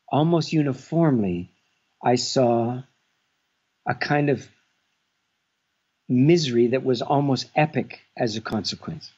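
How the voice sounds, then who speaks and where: A man giving reflective answers as an interview guest, measured and contemplative, with long pauses, speaking remotely from his home. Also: mid-range voice, darkish tone, husky, dull audio. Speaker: guest author.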